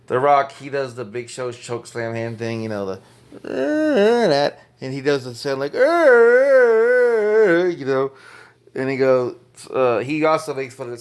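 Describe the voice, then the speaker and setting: Casting note: male wrestling reviewer, loose and rambling, self-correcting, mid-range voice. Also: mid-range voice. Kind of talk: casual recap commentary.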